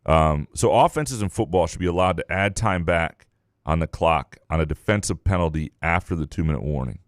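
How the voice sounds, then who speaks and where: Low-voiced sports columnist guy, thinks out loud, dry sound. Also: no echo. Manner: measured, analytical, weighs points out loud. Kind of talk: casual sports chat.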